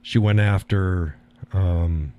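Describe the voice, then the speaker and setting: Man, low voice, mellow tone, casual live-stream host, rambling, chuckles often. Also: slow. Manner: chatty, rambling, laughs at his own remarks.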